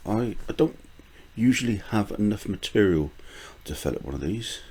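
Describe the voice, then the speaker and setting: A man's voice: fairly low pitch, animated, moderate pace, a little mellow, slightly rough. An older man from the UK rambling casually through a gardening vlog, with frequent fillers, restarts and small chuckles. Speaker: gardening vlogger.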